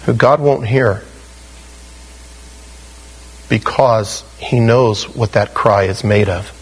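A man's voice: fairly low pitch, slow, husky, poor audio. A middle-aged man preaching a sermon in a conversational way, acting out the quotes he tells. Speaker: pastor.

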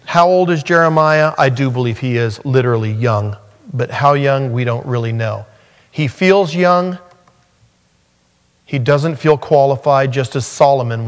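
A male pastor preaching a sermon, earnest and animated, his voice climbing high when he acts out the scripture. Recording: long hall reverb.

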